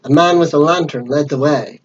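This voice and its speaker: A man's voice: a little high, a little fast, muffled recording. Man reading a storybook aloud. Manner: lively character voices.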